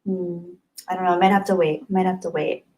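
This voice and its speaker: A woman's voice: lowish voice, flat delivery, a little fast, a little mellow, rough recording. A young woman hosting a live stream, reading viewer messages and thanking them in an emotional, effusive way. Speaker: livestream host.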